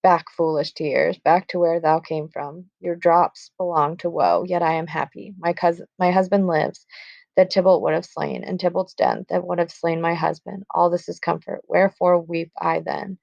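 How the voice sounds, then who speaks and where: A distraught young bride torn between grief and love, as a woman with a low, gravelly voice reads her part aloud. The lines come plainly from the page in a dull, lo-fi recording. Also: level tone, moderate pace, a little mellow, no echo. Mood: anguished. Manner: read aloud plainly from the script. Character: young teenage girl, newly wed, distraught and torn.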